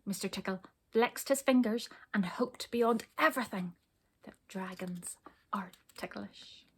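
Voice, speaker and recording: A woman reading a children's storybook aloud, expressive, pausing to ask her listeners questions. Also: mid-range voice, breathy edge.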